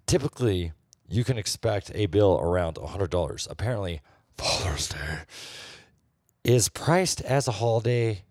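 A man co-hosting a casual podcast with a lively, swooping voice. He jokes and swears freely as he reads aloud. The sound is close and dry. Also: on the low side, no room sound. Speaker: podcast co-host. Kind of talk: casual chat, reading reviews aloud.

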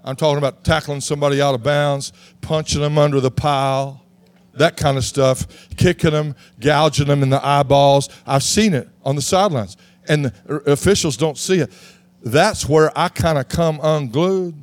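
A man from Texas, preaching a sermon in an animated way that rises to shouts. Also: on the high side, normal speed, no room sound. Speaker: pastor.

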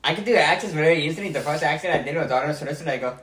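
A man's voice: on the high side, very fast, fairly bright tone. A playful young man joining a casual group podcast chat, goofy and upbeat. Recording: echoey room with faint noise.

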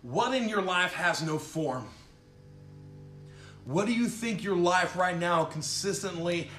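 A high-voiced man preaching with fiery emphasis, stacking repeated phrases and urging his listeners on. His voice rings in a roomy, echoing space, with soft music playing underneath. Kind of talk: sermon. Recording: echoey room with faint music behind.

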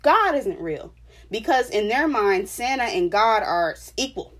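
A woman with a slightly high voice holding forth in an opinion monologue. She speaks with a passionate, emphatic, lecturing edge and drops quick laughs into her asides. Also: very animated, a bit bright. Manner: preachy, lecturing. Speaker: vlogger.

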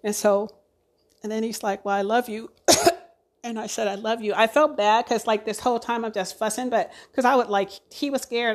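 A woman and ICU nurse giving an emotional, halting personal account, full of fillers and restarts. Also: mid-range voice. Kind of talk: personal testimony.

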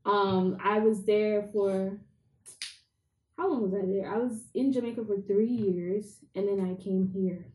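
A woman from England, a podcast guest, telling stories from her childhood in a lively, laughing way. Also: mid-range voice, a little slow, a little hiss or hum, poor audio. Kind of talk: casual storytelling chat.

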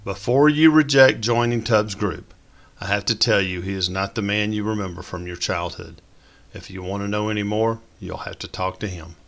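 A man's voice: fairly low pitch, fairly even intonation, moderate pace, gravelly, fairly bright tone. A man reading a story, voicing a massive, earnest man giving advice.

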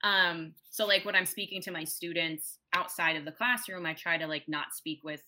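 A woman's voice: lowish voice, moderate pace, bright, forceful tone. A young adult woman, a guest linguist, explaining things casually and patiently on a podcast, often adding "like" and "right?".

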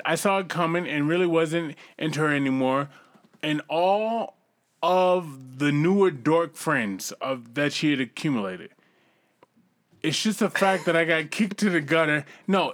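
This young man talks with a slightly higher voice than most men, crude and mocking. He reads listener messages aloud, swearing freely and laughing at his own jabs in loose podcast banter. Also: expressive, moderate pace, fairly bright tone. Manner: profane, mocking, laughs while reading.

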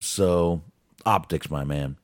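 A man's voice: a bass voice, slow pace, no echo, studio quality. A man co-hosting a wrestling podcast in casual chat, blunt and profane, laughing often. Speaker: podcast co-host.

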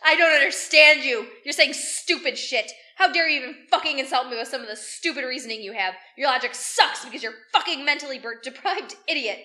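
A woman's voice: high-pitched, brisk, few pauses, sharp tone. A woman voicing a raging, foul-mouthed middle-aged man who bullies his partner, in a podcast's dramatic re-enactment. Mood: ranting. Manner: screaming, swearing, sneering.

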